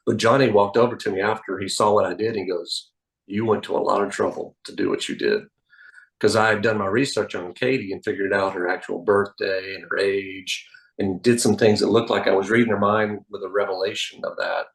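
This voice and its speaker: A man, a magician guest telling animated anecdotes on a podcast. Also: on the low side, brisk, gravelly, low-quality recording. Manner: animated anecdotes, acts out quoted voices. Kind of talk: casual interview storytelling. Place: podcast studio.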